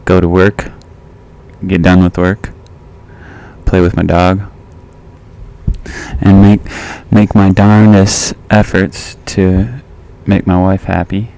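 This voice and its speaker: A man's voice: sits low, level tone, takes it slowly, long pauses, darkish tone. A young man from the Midwest hosting a casual solo podcast, joking and laughing at himself and going off on tangents. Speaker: podcast host.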